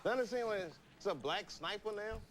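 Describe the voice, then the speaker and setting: A man's voice: high-pitched, moderate pace, a bit bright, a little hiss or hum. A young adult man, a comedian, telling loose anecdotes on a talk show and laughing at his own jokes. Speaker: comedian guest.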